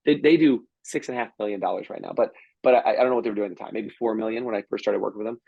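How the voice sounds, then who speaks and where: A man on a podcast as a guest, telling stories and giving business advice in an emphatic, energetic way. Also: lowish voice, creaky, dry recording, lo-fi sound. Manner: energetic storytelling, quick and emphatic. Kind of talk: casual podcast interview.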